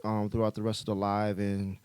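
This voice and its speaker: A man's voice: fairly low pitch, monotone, brisk, darkish tone, clean tone, no echo. A man hosting a casual podcast, laid-back and full of ums as he moves between topics. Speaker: podcast host.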